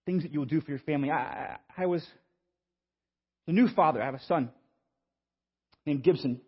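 A man, preaching a sermon and telling a story in an animated, stammering, self-mocking way. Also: on the high side, brisk, slightly rough. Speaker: pastor. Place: church sanctuary. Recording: muffled sound with long hall reverb.

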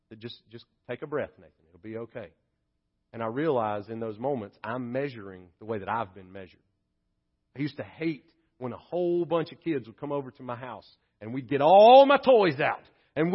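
A man preaching a sermon as a pastor, swinging from hushed, reflective passages to loud, emphatic ones. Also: mid-range voice. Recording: dull lo-fi sermon audio.

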